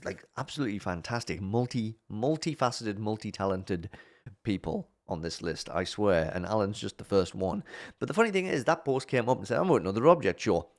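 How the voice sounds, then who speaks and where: A man's voice: on the low side, lively intonation, a little fast. Rambling, gushing man hosting a channel. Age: adult parent of a twelve-year-old. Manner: rambling, gushing, lots of restarts. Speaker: object show reviewer and host. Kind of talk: casual enthusiastic chat.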